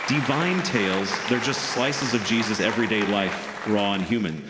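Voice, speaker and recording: A man's voice: mid-range voice, expressive, moderate pace, few pauses, over a noisy crowd, very noisy. A man performing stand-up comedy in a wry, conversational storytelling manner, recorded on a theater stage with roomy hall reverb.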